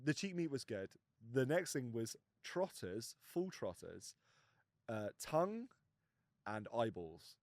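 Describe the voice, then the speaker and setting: A man co-hosting a podcast, telling a story in casual chat and acting out quotes with animated energy. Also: mid-range voice, slow pace, dry recording, clean studio sound. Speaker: podcast co-host.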